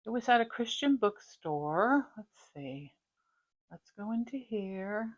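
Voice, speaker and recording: In her stitching vlog, a warm, chatty middle-aged woman rambles casually from subject to subject. She talks at a slow pace with an animated, medium-pitched voice.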